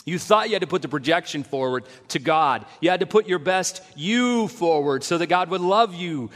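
A middle-aged man, a pastor, preaching a sermon and acting out the voices of people he quotes with animated intensity. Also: a little high, a little fast, hardly any pauses. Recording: long reverb in a large hall.

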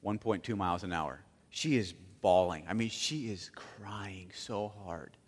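A man preaching a sermon, telling a story dramatically and swinging from loud bursts to hushed asides. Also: sits low, measured pace, husky. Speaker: pastor. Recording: long hall reverb.

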